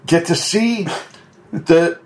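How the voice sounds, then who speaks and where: A man's voice: a little high, drawn-out words, background noise. Wry man co-hosting a podcast. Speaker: podcast co-host. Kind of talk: casual chat.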